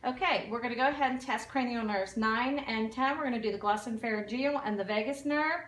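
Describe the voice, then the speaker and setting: A woman in a fairly high voice gives steady, step-by-step instructions during a clinical exam. She is heard from across an echoing room, with faint room noise behind her. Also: a little fast. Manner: calm step-by-step instructions with fillers. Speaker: nursing student doing an exam demo. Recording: echoey room from far off.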